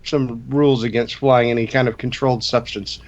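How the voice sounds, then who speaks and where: A man hosting a live drone show, chatting casually and relaxed, with frequent fillers and restarts. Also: medium pitch, brisk, lo-fi sound. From USA. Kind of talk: casual live-stream chat.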